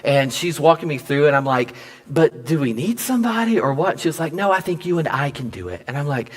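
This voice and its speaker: A male pastor preaching at a mid-range pitch, telling a story from his own life. He acts out each quoted line and his voice jumps high when he is surprised. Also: lively intonation, fast. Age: adult father. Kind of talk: sermon with personal storytelling.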